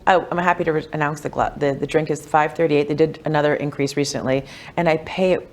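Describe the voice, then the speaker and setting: A woman, a wealth coach, telling personal stories in a casual podcast interview, animated and chatty, with lots of "like" and "you know.". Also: quick pace. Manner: animated, acts out quoted voices with big pitch jumps.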